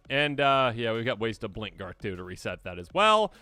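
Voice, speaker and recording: Host, male, animated and bright-toned, dry close recording, soft music under. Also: normal speed, hardly any pauses, dry recording. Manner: excitable, acts out players' reactions in squeaky voices. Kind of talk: enthusiastic card game deck overview.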